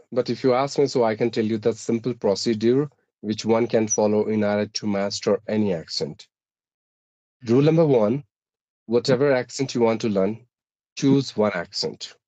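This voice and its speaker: Low-voiced methodical man teacher. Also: a little mellow, dry recording, lo-fi sound. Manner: methodical, lists numbered rules. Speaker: English teacher guest. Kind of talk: explaining English-speaking tips.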